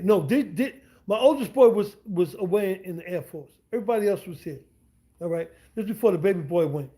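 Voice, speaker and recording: A middle-aged man with a fairly high voice chats on a livestream from home. His tone is mellow and soft-edged, and he wanders from point to point, doubling back on his words and tossing in slangy check-ins with his viewers. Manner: rambling, repeats himself, slangy asides. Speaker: streamer and language teacher. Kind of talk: casual livestream monologue. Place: at home indoors.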